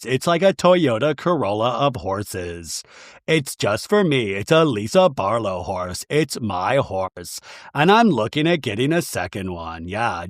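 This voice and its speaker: A man doing an impression of a haughty, evasive woman who boasts about her horse, speaking in flat, clipped denials. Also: medium pitch, dry recording, studio quality, voice pushed down.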